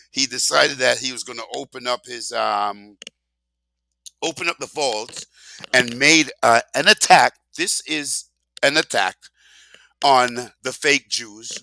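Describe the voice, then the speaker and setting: A man's voice: mid-range voice, creaky, sharp tone, no echo. An older man ranting sarcastically in a casual monologue, emphatic and rambling, full of rhetorical questions. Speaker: vlogger.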